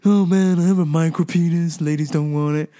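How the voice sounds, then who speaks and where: A woman voicing a sulky, gloomy man in a flat, glum delivery. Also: deep voice, brisk, slight background noise, voice pushed down, natural voice.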